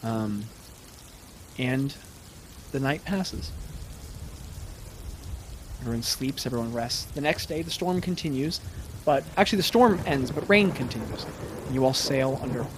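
A man narrating as game master of a tabletop role-playing game, talking loosely with restarts and pauses. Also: mid-range voice, expressive, a little hiss or hum. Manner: loose, halting, with frequent restarts.

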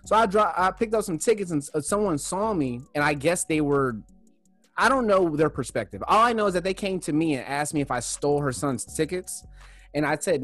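Animated young man telling stories. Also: a little high, fairly quick, soft background music. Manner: animated storyteller, acts out quotes loudly. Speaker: podcast co-host. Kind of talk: casual chat, storytelling.

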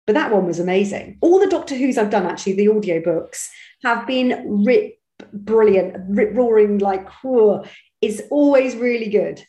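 A woman from Britain who works as an actor and audiobook narrator, answering interview questions in a chatty, animated way with quick restarts. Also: mid-range voice, roomy sound, rough recording. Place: home studio.

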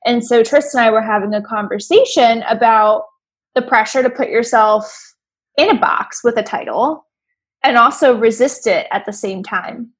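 Husky, slightly high-voiced woman podcast co-host. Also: moderate pace. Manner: chatty, riffing on a topic conversationally. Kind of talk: casual chat.

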